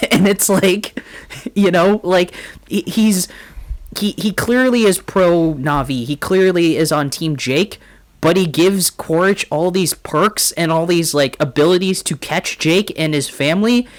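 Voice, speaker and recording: Animated, swearing young man reviewing films. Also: sits high, measured pace. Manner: animated, swearing, frequent fillers. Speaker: podcast co-host. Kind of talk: casual film review chat.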